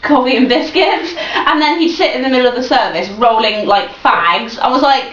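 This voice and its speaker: A giggly eighteen-year-old woman with a high, lively voice tells a story in casual chat. She sounds a little far from the mic in an echoey room, and the recording is dull and lo-fi. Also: moderate pace. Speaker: vlogger.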